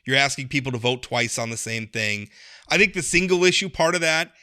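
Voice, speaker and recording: A man hosting a casual political podcast chat. He talks in an animated way, often restarting and repeating words. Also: mid-range voice, fairly quick. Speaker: podcast host.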